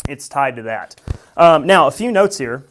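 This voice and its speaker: A man's voice: fairly high pitch, expressive, moderate pace, fairly bright tone, slight background noise. A man teaching a Bible study in a casual, conversational way, with many fillers, who reads scripture aloud with emphasis.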